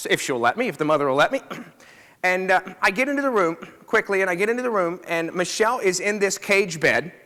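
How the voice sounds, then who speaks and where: A man's voice: high voice, animated, a little fast, bright, forceful tone, in a large hall. A middle-aged man, a chiropractor, telling a story to a live audience in a conversational way, often checking in with his listeners.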